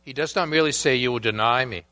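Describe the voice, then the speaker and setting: Speaking fast in a mid-range voice, a man preaches as a pastor and reads quotes from scripture aloud. His delivery shifts between emphatic rises and quiet asides.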